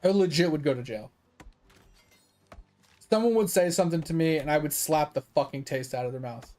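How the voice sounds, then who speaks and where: Profane ranting man, slightly high voice. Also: brisk, a little mellow. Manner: profane, fired-up storytelling; chatty, with many fillers. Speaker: gaming streamer. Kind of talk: casual livestream rant.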